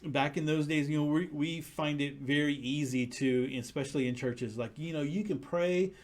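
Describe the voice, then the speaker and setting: Male pastor, slightly higher voice, earnest conversational sermon delivery. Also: normal speed. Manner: earnest, conversational preaching with frequent restarts.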